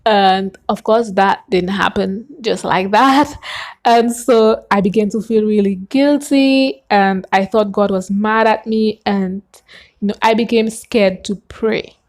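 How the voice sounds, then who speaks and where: A woman telling her personal faith testimony in an earnest, animated way, gasping and acting out what she said back then. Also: medium pitch, takes it slowly. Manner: earnest and animated, with gasps and acted-out quotes.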